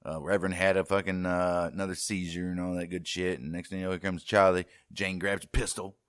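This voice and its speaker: A man's voice: sits low, little pitch movement, fairly quick, a bit bright, clear, resonant tone, dry recording, clean studio sound. A man co-hosting a casual, profane chat that recaps a TV episode, often acting out lines with laughter. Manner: profane, laughing, acts out quotes. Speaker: podcast co-host.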